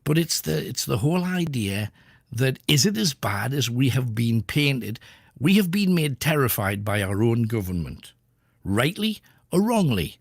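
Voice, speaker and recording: A male radio host with a gravelly, husky voice rambles through his opinions. His pitch rises and falls a lot as he throws out questions, and the sound is dry. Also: very animated, unhurried, no echo.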